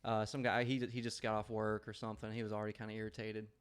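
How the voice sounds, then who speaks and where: Fast-talking man telling a story. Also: fairly low pitch, flat delivery, clear, resonant tone. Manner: rambling storytelling with frequent laughs and swearing. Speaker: podcast co-host. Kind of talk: casual chat.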